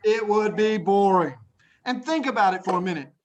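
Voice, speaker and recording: A man teaching English writing to a class of young students, playful and animated, acting out examples and hushing the class now and then. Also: high-pitched, normal speed, slight background noise. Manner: playful, animated, acts out examples in little voices; talks to young students, often hushes the class. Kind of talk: classroom lesson to children.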